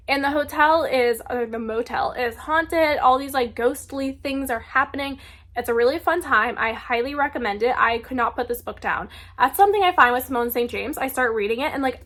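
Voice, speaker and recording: A young woman chatting casually and excitedly about books she loves, with lots of filler words. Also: sits high. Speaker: book reviewer. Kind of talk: casual book recommendation vlog.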